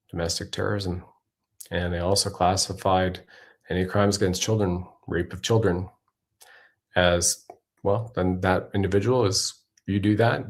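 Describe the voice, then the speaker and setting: A man hosting a political commentary show, talking emphatically and conversationally with frequent fillers. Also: low-pitched. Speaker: show host.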